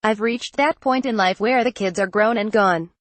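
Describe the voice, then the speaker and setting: Woman's voice, flat robotic read of a news story, dry close sound, even middle pitch. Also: normal speed, no room sound. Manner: flat read-out, reads photo credits and punctuation aloud. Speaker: news reader. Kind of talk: text-to-speech article reading.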